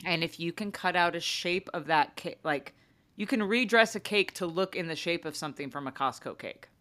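A woman's voice: fairly low pitch, normal speed. A woman in her thirties co-hosting a podcast, telling a story in casual chat and acting out her children's lines. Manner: animated storytelling, acts out her kids' voices. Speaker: podcast co-host.

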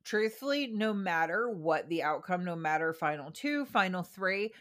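A woman's voice: lowish voice, expressive, moderate pace, a bit bright. A woman co-hosting a casual podcast, talking in a conversational, opinionated way with lots of fillers. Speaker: podcast co-host. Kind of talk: casual chat recapping a reality show.

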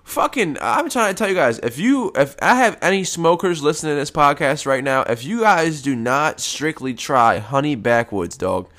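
A man's voice: on the high side, animated, normal speed, few pauses, fairly bright tone. A man hosting a casual solo podcast from home, talking in a rambling, profane, laid-back way, a bit congested from post-nasal drip. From United States. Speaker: podcast host.

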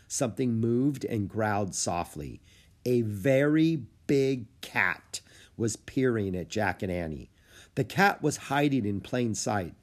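A man reading a children's chapter book aloud in an expressive storytelling manner. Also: medium pitch. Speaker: audiobook narrator.

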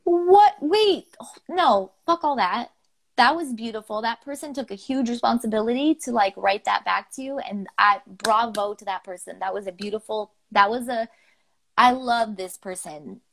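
A woman's voice: a little high, normal speed, creaky, a bit bright. A young woman co-hosting a poetry show over an online call. She swears freely, laughs easily and gets emotional while reading listener poems aloud. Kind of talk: casual chat and poetry reading.

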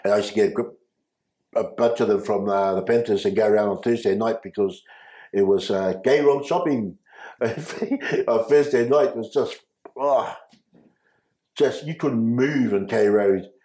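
A man, recounting his life as an interview guest, halting with restarts and frequent chuckles. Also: lowish voice, dark tone. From New Zealand. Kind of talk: personal storytelling. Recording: echoey room.

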